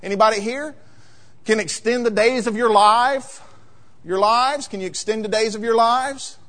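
A man preaching a sermon as pastor, emphatic and rising to loud peaks in a church sanctuary. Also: very high-pitched. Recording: long reverb of a large hall.

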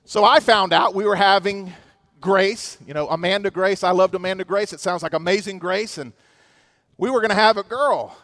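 A man's voice: high-pitched, normal speed, a bit bright, no room sound. A middle-aged male pastor preaching a sermon, earnest and storytelling, with touches of humor.

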